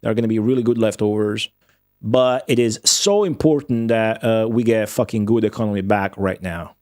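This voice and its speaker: A young man streaming a strategy game, talking to viewers in excitable commentary full of swearing. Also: on the low side, moderate pace, no echo, studio quality, faint music behind. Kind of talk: casual gameplay commentary.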